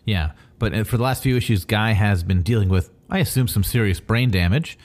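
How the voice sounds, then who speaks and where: A man's voice: on the low side, animated, brisk, darkish tone. A man co-hosting a podcast, chatting easily about comic books and laughing often as he adds details. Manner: easygoing, laughs often, adds facts to the talk. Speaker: podcast co-host. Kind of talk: casual comic book discussion.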